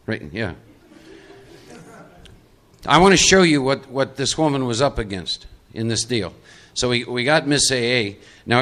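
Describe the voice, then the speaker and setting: Guy running a recovery workshop, bright voice, chatty, pulling folks up to act stuff out. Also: medium pitch, slight background noise. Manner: conversational, coaxing volunteers into role-play. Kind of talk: live workshop talk. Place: meeting room with audience.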